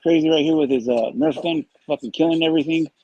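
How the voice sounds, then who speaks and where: Nervous, rambling male guest from the West Coast; slightly high voice, dry sound. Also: steady tone, fast talker, warm tone, no room sound, highs cut off. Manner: nervous rambling, cursing, says bro a lot. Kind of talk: casual chat.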